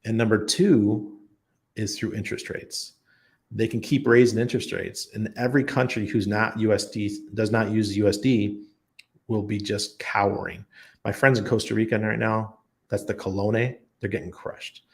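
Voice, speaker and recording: Brief: middle-aged male host, low gravelly voice, blunt opinionated livestream talk. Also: normal speed. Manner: animated storytelling, blunt and emphatic. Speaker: crypto channel host. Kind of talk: opinionated livestream talk answering viewer questions.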